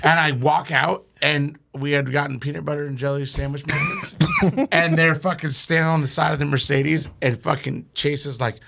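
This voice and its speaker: A man guesting on a comedy podcast, telling a story in a profane, animated way and laughing between his sentences. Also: fairly high pitch, normal speed, creaky, a little hiss or hum. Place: podcast studio.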